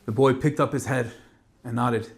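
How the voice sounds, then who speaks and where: A man's voice: mid-range voice, steady tone, normal speed, gravelly. Man telling a story in a sermon. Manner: dramatic, swinging between loud emphasis and hushed tones. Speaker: speaker giving a Torah talk.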